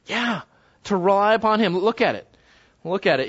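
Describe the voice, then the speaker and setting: A man teaching a Bible study to a live group, talking conversationally, often putting questions to the class and slowing down to read scripture aloud. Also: high voice, lively intonation. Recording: dull lo-fi recording.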